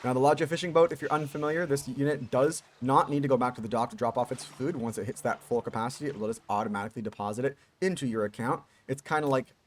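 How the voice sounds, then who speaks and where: A man giving casual, chatty commentary on a strategy video game as its caster, with joking asides and lively emphasis. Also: mid-range voice, fast talker, few pauses.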